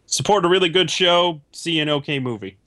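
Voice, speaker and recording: A man in a casual podcast chat, wry and quick to joke. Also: a little high, pushed and bright.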